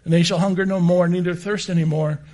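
High-voiced man preaching a sermon. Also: steady tone, fast, a little mellow. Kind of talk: sermon with scripture reading.

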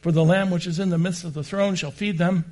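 A man's voice: high voice, steady tone, a little fast, darkish tone. A man preaching a sermon and reading scripture passages aloud.

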